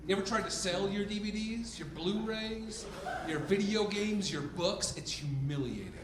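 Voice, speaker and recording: Animated stand-up comic in a noisy, roomy club. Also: male voice, sits high. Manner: animated, mock-indignant, acts out exchanges in quick quoted voices. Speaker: stand-up comedian. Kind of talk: stand-up comedy set. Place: comedy club stage with a laughing audience. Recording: roomy club sound with loud audience laughter. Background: audience laughter.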